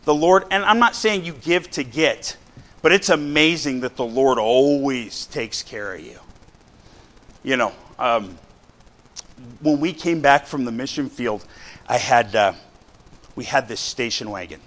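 A middle-aged man preaching a sermon to his congregation, chatty and animated, full of rhetorical questions and asides. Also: medium pitch, a little slow, long pauses. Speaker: pastor. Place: church sanctuary.

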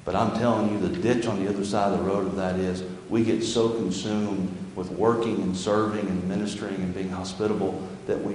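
A man's voice: sits low, little pitch movement, fairly quick, few pauses, darkish tone. Man, pastor, folksy conversational sermon, big church sanctuary, faint room hum. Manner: folksy, conversational preaching, reads scripture aloud. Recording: very echoey church hall with long reverb.

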